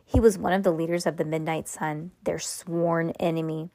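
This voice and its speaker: A woman's voice: low-pitched, steady tone, moderate pace, dark tone, no room sound. Woman, casual read-aloud of a novel to a kid, asides and restarts, dry close sound. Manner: reads with asides, restarts and laughs. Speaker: parent reading aloud to a child.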